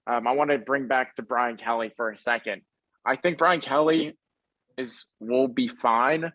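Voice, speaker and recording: A man's voice: mid-range voice, steady tone, unhurried, a bit bright, no echo, highs cut off. A young man co-hosting a podcast, chatting casually and rambling about college football with plenty of fillers. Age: young adult. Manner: rambling, laid-back, lots of fillers. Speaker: podcast co-host. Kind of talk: casual sports chat.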